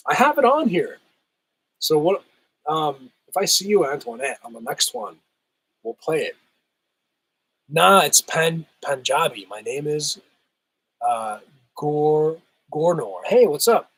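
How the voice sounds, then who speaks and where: Chill husky guy on a livestream, bit rough from a cold, chatty and laughing, reading out chat. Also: on the high side, very animated, slow, long pauses, poor audio. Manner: laid-back, chatty, laughs often, says "hell yeah".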